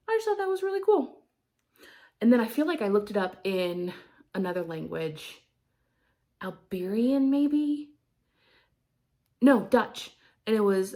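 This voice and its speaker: A woman's voice: mid-range voice, darkish tone. A young woman chatting casually in her craft vlog, rambling with lots of fillers. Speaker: cross-stitch vlogger. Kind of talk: casual chat.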